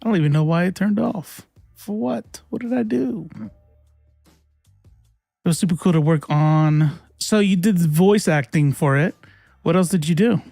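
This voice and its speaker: A chatty young man hosting a livestream, his voice a touch high and the sound dry and close. He laughs often and swears casually as he talks to viewers, with faint music underneath. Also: normal speed, long pauses, mellow, no echo. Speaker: livestream host.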